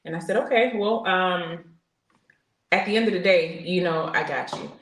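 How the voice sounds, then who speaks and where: A military veteran in her forties, guesting on a podcast, tells a candid personal story in conversation, earnest and open with frequent fillers and restarts. Her low voice is a bit bright, at normal speed, with roomy echo.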